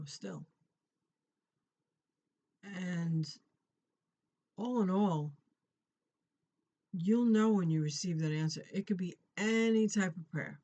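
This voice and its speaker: The audio is dull, and the mid-range voice has a slightly mellow quality. It belongs to a middle-aged parent, a Christian encouragement vlogger, who earnestly recounts a personal prayer testimony to encourage viewers. The conversational telling keeps circling back through repeated and restarted phrases.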